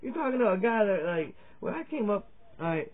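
This high-pitched man speaks at normal speed with big swings in pitch. A comedy vlogger from Virginia, USA, he rambles through a crude, profane, jokey stand-up style monologue to his camera, shifting topics constantly, recorded with tinny, phone-like lo-fi sound.

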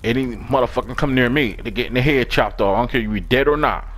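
A young man giving profane, excitable commentary while playing a horror game. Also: mid-range voice, quick pace. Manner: profane, loud outbursts at the game. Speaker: gaming YouTuber.

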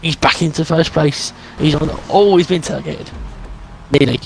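Gravelly, slightly high male gamer; teasing banter, mock commentary, faint hiss. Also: fairly even intonation, moderate pace, poor audio. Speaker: gaming friend. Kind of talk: casual gaming banter.

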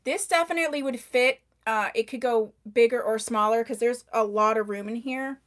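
A woman with a high voice runs a live-stream wig sale, talking into a microphone. She chats fast and gushes over each item, greets viewers by name, and tends to raise her voice. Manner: chatty, gushing over products, answering viewers by name; tends to talk loudly. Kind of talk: live-stream sales chat.

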